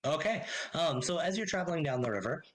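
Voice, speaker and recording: A man running a tabletop game as game master, narrating in a relaxed, hesitant way with lots of fillers. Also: a little high, fast talker, rough recording.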